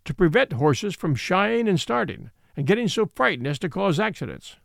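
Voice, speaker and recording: Man doing a calm sensible horse, quiet talk, dry close sound. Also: high-pitched, normal speed, gravelly, no echo, heavily acted. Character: calm sensible male roan cob horse.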